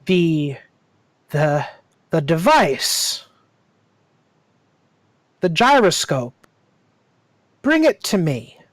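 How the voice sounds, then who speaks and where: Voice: mid-range voice, very animated, drawn-out words, pauses often, no echo. A game master voicing an unhinged man who wants to rule as a king, jabbering and repeating himself over and over. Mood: insistent.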